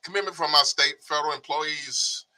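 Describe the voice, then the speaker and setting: A man hosting a livestream, emotional and halting with fillers. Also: fairly high pitch, fairly even intonation, bright, forceful tone, poor audio. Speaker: host, state director.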